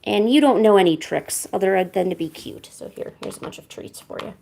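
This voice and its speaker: A woman's voice: medium pitch, animated, fairly quick, vocal fry, a little mellow, slight background noise. A woman streamer chatting casually and coaxing her cats with playful, baby-talk asides. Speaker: art streamer.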